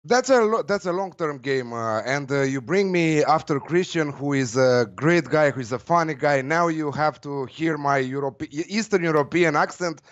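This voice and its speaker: Romanian-accented man, halting, dull line. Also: a little high. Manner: filler-heavy, halting, upbeat. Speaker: betting tipster guest. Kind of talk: casual chat on a call.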